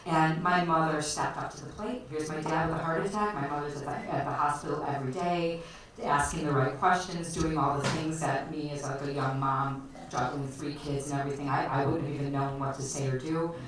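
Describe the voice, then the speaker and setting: Her voice is low-pitched and brisk, with fairly even intonation, as she tells a personal story at a storytelling night in a bar venue. She's from the Chicago area, chatty, quick to laugh, and heavy on fillers. Crowd noise and faint noise come through a distant mic in an echoey live room.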